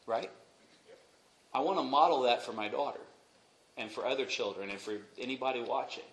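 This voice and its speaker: A young man preaching a sermon as pastor, dropping to quiet asides and rising to loud, emphatic peaks. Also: medium pitch, fairly quick. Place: church sanctuary. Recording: echoey room, faint noise.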